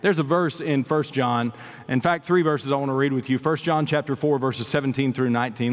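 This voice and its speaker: A man preaching a sermon as pastor, with dramatic swings between soaring emphasis and hushed, drawn-out lines. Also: mid-range voice. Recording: long reverb of a large hall.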